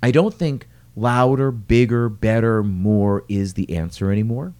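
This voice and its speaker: A man's voice: on the low side, measured pace, a little mellow. A middle-aged man who runs restaurants, talking alone in an earnest podcast monologue full of rhetorical questions. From lives in New York City.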